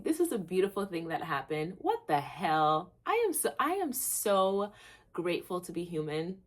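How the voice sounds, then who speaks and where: A young woman hosting a gratitude vlog, talking candidly to camera and rambling with lots of "like.". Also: moderate pace. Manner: candid, rambling, heavy use of "like"; laughs at herself, swings between low and excited. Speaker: vlog host.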